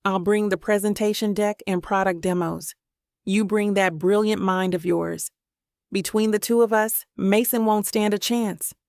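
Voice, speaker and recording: A woman's voice: medium pitch, steady tone, measured pace, a little mellow, no echo, clean studio sound, lightly acted. A woman voicing a confident, teasing male businessman in an audiobook, speaking with amused self-assurance. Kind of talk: audiobook narration.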